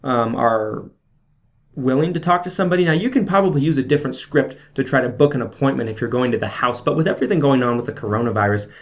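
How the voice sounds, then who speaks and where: A man talks straight to camera as an insurance sales trainer, coaching in a chatty, informal way and checking in with "okay?" as he goes. His voice sits at an ordinary middle pitch. The recording is a little dull and lo-fi. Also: fast. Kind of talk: casual video sales training. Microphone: camera video. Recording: slightly dull lo-fi audio.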